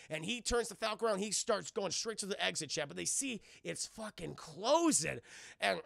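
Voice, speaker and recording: A man live-streaming a casual, profane, animated film review and chatting with his viewers. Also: high voice, fairly quick, vocal fry, no room sound, studio quality. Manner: animated, profane, addresses chat.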